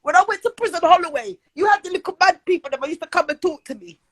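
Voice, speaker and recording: A woman, ranting loudly and profanely on a livestream, often close to tears. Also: very high-pitched, fast, no echo. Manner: angry, loud and profane, often near tears. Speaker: live streamer. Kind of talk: heated livestream rant.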